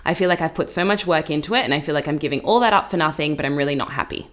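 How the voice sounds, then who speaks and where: A young woman, co-hosting a podcast in casual, animated chat and laughing often. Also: low-pitched, very fast. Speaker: podcast co-host.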